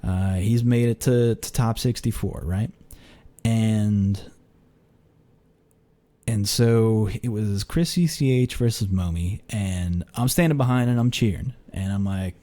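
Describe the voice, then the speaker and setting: A young podcast host tells a rambling story full of fillers and restarts, swearing casually and laughing, in a slow, dark-toned voice. When acting out quoted exchanges, he laughs and his pitch jumps.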